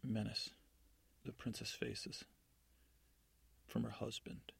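A man's voice: fairly low pitch, flat delivery, takes it slowly, vocal fry, breathy edge, dry recording, in a whisper, full character voice. Man voicing a sly fairy godmother. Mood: hushed. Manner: soft, sly, probing questioning. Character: shrewd, coaxing female fairy godmother. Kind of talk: sleep-story narration with character voices.

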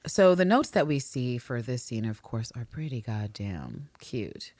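A woman co-hosting a casual podcast, animated and quick to laugh, swearing freely as she talks. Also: extremely low pitch, no echo, clean studio sound. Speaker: podcast co-host.

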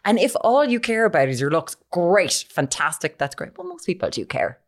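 A woman from Limerick with an Irish accent, co-hosting a casual chat podcast, animated and mocking. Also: lowish voice, normal speed. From Limerick, Ireland. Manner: animated, mocking, mimics others. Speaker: podcast co-host.

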